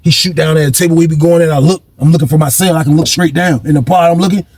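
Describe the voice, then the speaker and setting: A young man casually telling a story from his own life, slangy and animated, acting out the voices of the people in it. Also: a little high, rapid-fire, dry recording. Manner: animated, slangy, acts out quotes.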